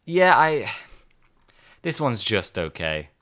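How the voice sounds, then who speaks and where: A man co-hosting a music podcast, talking hesitantly with many pauses and a dry sense of humor. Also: mid-range voice, sing-song, a bit bright. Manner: hesitant, lots of ums and restarts, dry humor. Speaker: podcast co-host. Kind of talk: casual album review chat.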